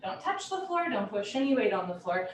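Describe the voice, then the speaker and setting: A woman's voice: medium pitch, very animated, slight background noise. Woman calling yoga cues in a roomy space. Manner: brisk clipped posture cues, light and playful. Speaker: yoga teacher. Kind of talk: live yoga class instruction. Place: home room. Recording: roomy echo, heard from a distance.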